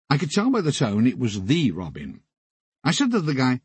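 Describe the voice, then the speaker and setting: A man narrating his memoir as an audiobook, with wry, deadpan comic asides. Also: mid-range voice, moderate pace, slightly rough, dry recording.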